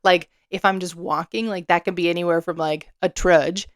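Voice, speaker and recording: A woman in her thirties hosting a casual solo podcast, chatty and animated, swearing casually as she talks. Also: lowish voice, moderate pace, clean tone, no room sound, clean studio sound. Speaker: podcast host.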